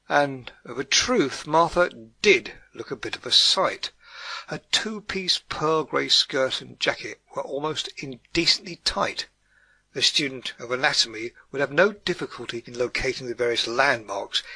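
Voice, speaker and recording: A man reading an audiobook with wry, measured storytelling. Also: medium pitch, animated, pushed and bright, husky, dry recording. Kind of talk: audiobook narration.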